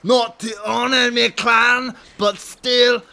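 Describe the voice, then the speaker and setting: A man voicing a resigned young apprentice, bright, rasping, loud. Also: very high voice, level tone, slow, voice pushed up, heavily acted. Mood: resolute. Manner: loud, declaiming. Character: wounded young male shaman apprentice, resigned.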